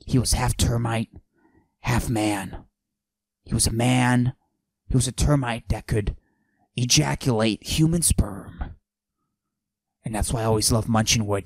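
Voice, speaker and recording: A man doing a cocky macho character who forces his voice deep and breathy, in a comedic podcast monologue. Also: dry recording. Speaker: podcast host.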